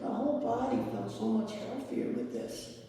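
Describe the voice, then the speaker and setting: A middle-aged man giving a sermon, telling personal stories slowly with laughter. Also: sits high, warm tone, slight background noise. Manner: slow, storytelling with laughs. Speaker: spiritual speaker. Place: large hall with audience. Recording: echoey hall, distant mic.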